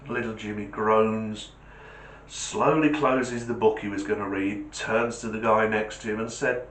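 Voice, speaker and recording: A man, hosting a comedy channel and telling jokes in an animated, punchy way. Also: on the low side, measured pace, a little hiss or hum. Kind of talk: joke telling. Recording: echoey room.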